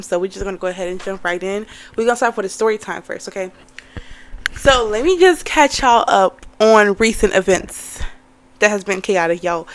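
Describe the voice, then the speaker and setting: Young woman vlogging story time, swears a lot, calls everyone y'all, kinda high voice. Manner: animated, swearing, addresses viewers as y'all. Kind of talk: casual story time vlog.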